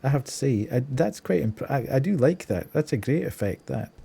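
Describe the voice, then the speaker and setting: A man's voice: medium pitch, lively intonation, moderate pace, vocal fry, warm tone, breathy edge. A man with a mild Scottish accent giving chatty, wry live commentary on a game he is streaming, often breaking into laughter.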